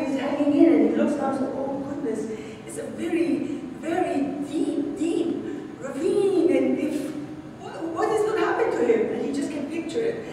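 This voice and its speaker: A woman's voice: fairly high pitch, slight background noise. Woman lecturing in an echoey hall. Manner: lively, chuckling, conversational. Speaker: parenting workshop presenter. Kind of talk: lecture with storytelling. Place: large hall with an audience. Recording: echoey hall, distant mic.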